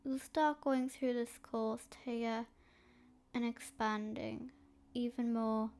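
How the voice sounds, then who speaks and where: A woman narrates a map history video at an unhurried, halting pace. Her voice sits a little high and sounds stuffy from a snotty nose. She pauses often and fills the gaps with "um". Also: flat delivery, a little mellow, clean tone. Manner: hesitant, slow, with frequent fillers. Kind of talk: slow narrated map commentary.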